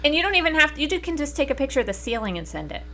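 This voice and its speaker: A chatty woman co-hosts a casual podcast with a bright, clear tone. She tells everyday stories in an animated way and laughs easily. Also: high-pitched, racing. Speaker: podcast co-host.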